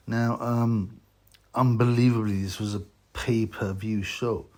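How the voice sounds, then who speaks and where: A man vlogging about boxing in a casual, rambling way, slightly drunk and slow, with many fillers. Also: lowish voice. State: tipsy from drinking.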